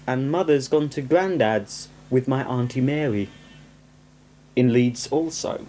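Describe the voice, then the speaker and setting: A young northern English man rambles cheerfully at his camcorder, full of self-mocking asides. His voice is mellow and sits at an ordinary pitch. The sound comes from a 1990s home camcorder on a tripod indoors. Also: unhurried. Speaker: home video host. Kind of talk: casual rambling home video chat. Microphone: camcorder microphone on a tripod.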